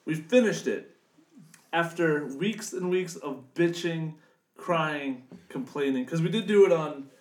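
Guy on a gaming podcast, kinda high voice, roomy echo, gets worked up telling stories. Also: measured pace. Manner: animated storyteller, swears freely. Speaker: podcast co-host. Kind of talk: casual chat.

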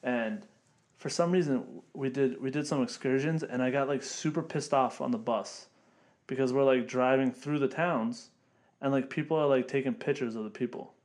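A man's voice: mid-range voice, moderate pace, a little mellow. A young man co-hosting a casual podcast chat, swearing a lot and ranting with heat. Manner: profane, heated and ranting. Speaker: podcast host.

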